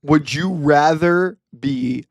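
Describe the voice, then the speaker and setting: A young man co-hosting a casual podcast, relaxed and enthusiastic, swearing casually. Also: on the high side, slow pace, no echo, clean studio sound. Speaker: podcast co-host. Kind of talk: casual chat.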